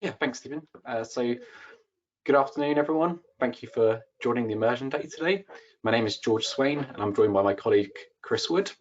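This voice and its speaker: A man giving a polite, relaxed introduction as a guest solutions architect on a webinar. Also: medium pitch, brisk. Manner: polite, relaxed, some uhs. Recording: dull lo-fi online call audio.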